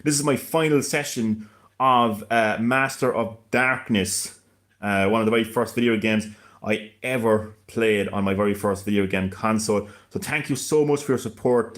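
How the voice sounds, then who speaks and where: A man hosting a gaming live stream in casual chat, hesitant and stammering, with frequent laughs. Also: fairly low pitch.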